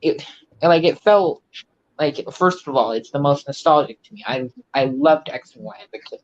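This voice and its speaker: A man's voice: a little high, animated, moderate pace, muffled recording. A young man chatting casually, rambling with many fillers and frequent laughter. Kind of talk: casual chat.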